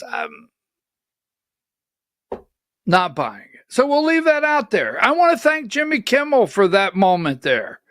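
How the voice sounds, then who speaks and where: This political talk show host has a high, fairly bright, smooth voice and delivers opinionated livestream commentary, bluntly skeptical and full of rambling asides. Clean studio audio, no room sound.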